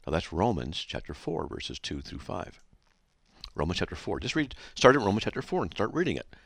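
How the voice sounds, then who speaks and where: A man's voice: deep voice, sing-song, fairly quick, creaky, husky, dry recording. A man hosting a Christian radio show and reading listener mail aloud, emphatic and argumentative, with a sarcastic edge. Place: radio studio.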